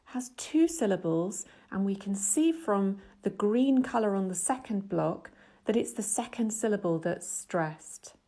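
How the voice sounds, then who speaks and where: Middle-aged woman explaining clearly. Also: medium pitch, lively intonation, dark tone. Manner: clear, measured, patient explaining. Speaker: English teacher. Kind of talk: scripted instructional voice-over.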